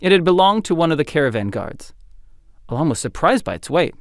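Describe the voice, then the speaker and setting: A man narrating a fantasy audiobook in an expressive, dramatic storytelling style. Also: a little high, a little fast, no room sound, clean studio sound. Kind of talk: scripted narration.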